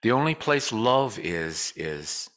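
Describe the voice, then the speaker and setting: Bright-voiced man giving a lively casual sermon. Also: fairly low pitch, slow. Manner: joking, conversational, leads call and response. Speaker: guest speaker. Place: church sanctuary.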